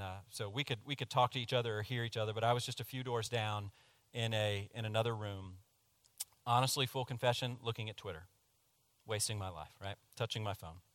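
A man preaching, telling a personal story in a confessional, animated way that swings from hushed to loud. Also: on the low side, dry recording. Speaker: pastor. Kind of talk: sermon storytelling.

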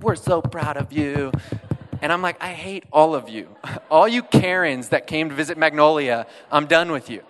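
A man's voice: fairly high pitch, pushed and bright. A young man giving a self-deprecating, chatty talk to an audience on a handheld mic, joking as he tells a story. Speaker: guest speaker. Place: large hall with audience. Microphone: handheld microphone. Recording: long hall reverb.

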